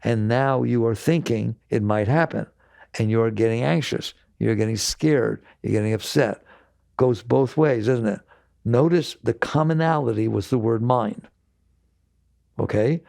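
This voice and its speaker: A man's voice: medium pitch, a little slow, creaky, warm tone, no room sound, clean studio sound. A man giving a spiritual talk to an audience, emphatic and repetitive, asking rhetorical questions. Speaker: spiritual teacher.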